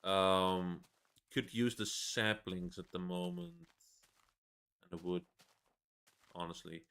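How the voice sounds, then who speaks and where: Twenties male gamer, lowish voice, loose sweary ranting commentary. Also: big pitch swings, slow, creaky, a bit bright, smooth. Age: 20s. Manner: rambling, swearing, laughing ranting. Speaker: gaming video creator. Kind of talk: casual gameplay commentary.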